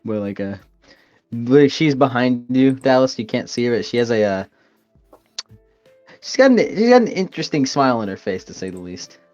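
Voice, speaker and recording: A man narrating as game master of a tabletop game, halting and filled with pauses. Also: mid-range voice, big pitch swings, darkish tone, no echo, muffled recording, soft background music.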